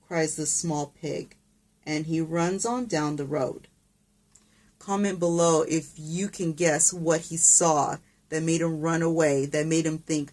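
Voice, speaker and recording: A woman's voice: deep voice, a little slow, a little mellow. A woman teacher reading a picture book aloud to children, patient and encouraging, with asides to the kids.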